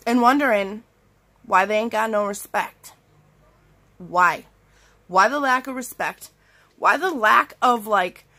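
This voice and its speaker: Sick lady ranting from bed, kinda high voice, lots of "like", acts out what ppl said. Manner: animated, acts out quotes, many "like" fillers. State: sick, with strep throat. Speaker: vlogger. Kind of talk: casual storytime rant. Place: in bed at home.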